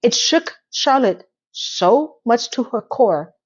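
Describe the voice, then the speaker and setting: A woman's voice: fairly high pitch, slow pace, breathy edge, muffled recording. Chatty woman recapping a TV episode. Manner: chatty, animated storytelling with voiced quotes. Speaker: TV recap vlogger. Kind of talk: casual TV recap commentary.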